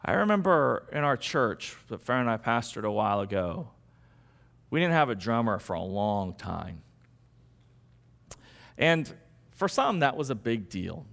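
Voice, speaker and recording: A man pastor preaching a sermon in an animated, conversational way, posing rhetorical questions to his congregation. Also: medium pitch, unhurried, gravelly, long pauses.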